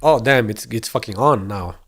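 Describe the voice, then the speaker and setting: A man streaming a game and chatting casually, relaxed, mumbling his plans and swearing now and then. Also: on the low side, normal speed, soft background music.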